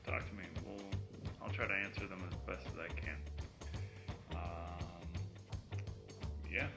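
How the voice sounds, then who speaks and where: A man hosting a casual podcast, teasing a caller loudly and joking around. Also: low voice, flat delivery, measured pace, lo-fi sound, over loud music. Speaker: podcast host. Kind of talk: casual podcast chat with prank phone calls.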